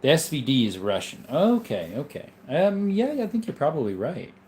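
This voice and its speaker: A man's voice: a little high, huge pitch swings, moderate pace, a little mellow, slight background noise. Sleepy, easygoing man chatting live. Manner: rambling, easygoing, with frequent ums and asides. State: sleepy, yawning. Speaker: livestream host reading viewer chat. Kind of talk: casual live chat.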